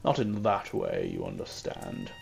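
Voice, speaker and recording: A man voicing an eccentric older gentleman in a video game, who talks earnestly and drops low on his asides. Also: wildly swooping pitch, measured pace, vocal fry, a little hiss or hum, full character voice.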